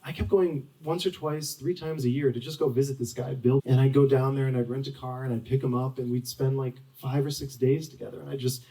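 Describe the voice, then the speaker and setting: A man in his forties tells stories as the guest at a bookstore event. He rambles, with lots of "like" and restarts, in a dark, mellow tone. The mic sits at some distance. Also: medium pitch, steady tone, a little fast, hardly any pauses. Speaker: author guest. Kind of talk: storytelling at a live book talk.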